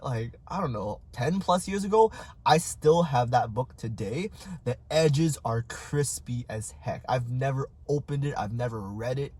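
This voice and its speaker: A man, telling stories in a casual, animated, self-mocking way and acting out voices. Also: mid-range voice. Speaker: vlogger. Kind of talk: casual storytelling while eating.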